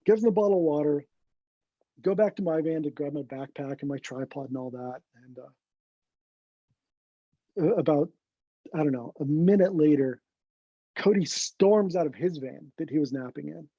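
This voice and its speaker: A man, a guest photographer, telling an animated story in an interview and acting out what his friends said. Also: a little high, moderate pace, long pauses, breathy edge, no room sound. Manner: animated anecdote teller, acts out quoted friends. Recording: dull lo-fi recording.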